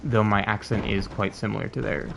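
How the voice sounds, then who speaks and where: A man's voice: lowish voice, level tone, fairly quick, creaky. A Canadian man from Ontario chatting casually on a gaming stream, rambling with many fillers while answering chat. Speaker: streamer and co-host. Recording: noisy home stream audio.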